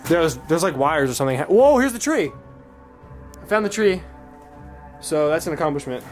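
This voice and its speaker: Jumpy young man, voice swinging high and low. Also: very animated, normal speed, soft background music. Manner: jumpy, loud, swearing, joking. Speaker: vlogger. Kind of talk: casual exploring vlog. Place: abandoned house, indoors.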